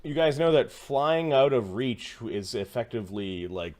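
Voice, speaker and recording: A man's voice: medium pitch, lively intonation, measured pace, darkish tone. A man acting as game master for a tabletop game, narrating playfully and checking in with the players.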